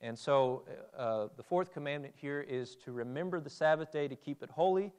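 A man's voice: a little high, normal speed, a little mellow, clear, resonant tone. Man preaching a conversational sermon. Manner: conversational, asks the audience questions.

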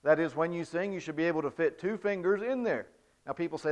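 This man talks fast in a slightly high voice as a church music director teaching the congregation to sing in the sanctuary. He demonstrates with physical examples, moving between soft and loud to show each point, and the recording is dull and lo-fi.

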